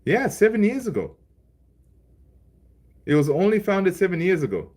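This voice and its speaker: A man's voice: high-pitched, very animated, moderate pace, darkish tone. A man hosting a casual live stream, reading chat and talking loosely, with lots of fillers and repeated phrases. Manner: loose and chatty, laughs along with viewers. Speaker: livestream host reading chat.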